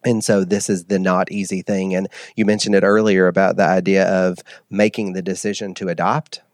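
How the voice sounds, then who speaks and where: A man, a guest telling his story in animated, rambling casual chat. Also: low voice, brisk, no echo, studio quality. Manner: animated storyteller, rambling restarts, laughs often. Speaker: interview guest.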